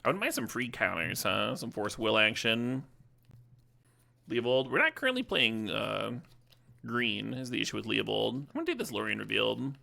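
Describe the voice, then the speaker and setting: A man's voice: fairly low pitch, sing-song, moderate pace, vocal fry, bright, forceful tone. A man streaming a card-game draft, chatting casually and telling rambling, joking stories to his viewers. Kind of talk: casual live-stream commentary.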